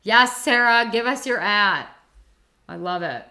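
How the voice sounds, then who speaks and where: A woman's voice: mid-range voice, expressive, measured pace, bright, forceful tone. A young woman chatting casually to viewers while doing her skincare on a livestream, giggly and reacting to comments. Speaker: beauty livestream host.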